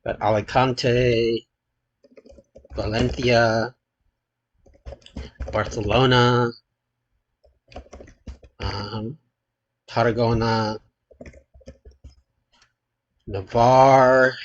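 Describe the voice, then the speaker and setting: A man hosting his channel, thinking aloud as he plays a geography quiz, hesitant and halting with many filler pauses. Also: fairly low pitch, steady tone, fairly bright tone, muffled recording. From United States.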